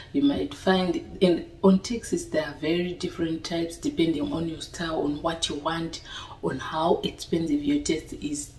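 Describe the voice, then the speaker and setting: A woman's voice: low-pitched, darkish tone, recorded from a distance, slight background noise. A young woman, talking casually to her viewers and often asking "you understand?". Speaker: vlogger. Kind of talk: casual talk to camera. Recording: roomy echo, voice a little off-mic.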